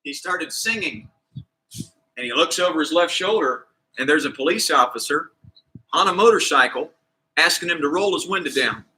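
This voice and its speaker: A man coaching a children's PE class tells a story with great energy, acting out each character in a theatrical way. His voice is on the high side, his pace moderate, and the recording rough.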